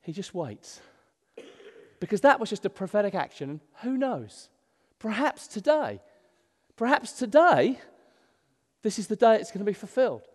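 A man preaches a sermon in a church. His voice sits a little high and rings with long reverb through the hall. He moves from loud, emphatic lines to quiet, hushed asides. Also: big pitch swings, moderate pace. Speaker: pastor.

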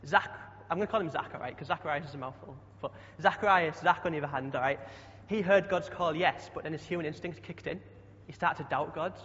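A man's voice: a little high, fast, hardly any pauses, fairly bright tone. A young man preaching a chatty sermon, often asking the congregation questions. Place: church hall. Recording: dull sound with long hall echo.

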